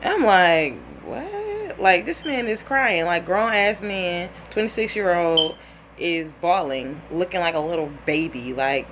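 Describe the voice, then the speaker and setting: A woman's voice: fairly low pitch, measured pace, noisy background. A young woman in her twenties telling a personal story in a casual, blunt and profane way, acting out what people said. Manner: animated, blunt and profane, acts out quotes.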